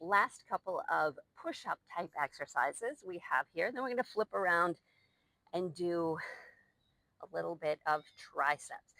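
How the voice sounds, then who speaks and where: A woman's voice: fairly low pitch, measured pace, vocal fry, pushed and bright, no room sound. Breathless woman counting workout reps. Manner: encouraging, counts reps while exercising. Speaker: Pilates instructor. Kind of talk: live workout instruction with counting. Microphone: new microphone.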